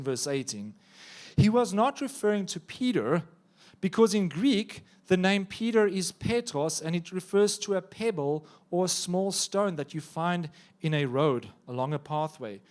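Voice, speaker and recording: A man preacher giving a sermon, telling the story vividly with joking asides. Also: high-pitched.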